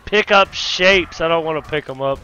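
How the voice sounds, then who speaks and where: A man giving casual let's play commentary while fighting a zombie horde, with loud cursing exclamations and folksy grammar. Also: on the high side, normal speed, muffled recording, slight background noise. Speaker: gaming YouTuber.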